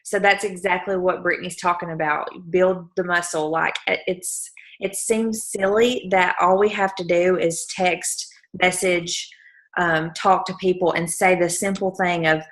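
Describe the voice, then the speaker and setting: A woman's voice: fairly low pitch, fairly even intonation, measured pace, fairly bright tone. A woman leading a group call, giving an emotional, earnest motivational pep talk to her team. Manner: emotional, earnest, repeating points for emphasis. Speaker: team leader hosting a call.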